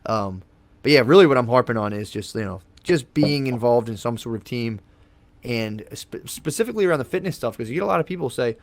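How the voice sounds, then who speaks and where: A man's voice: mid-range voice, animated, brisk, no echo. Loose, rambling man with a dry sound. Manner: rambling, laid-back, swears a lot, says "dude". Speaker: podcast guest. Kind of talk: casual chat. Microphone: podcast studio microphone.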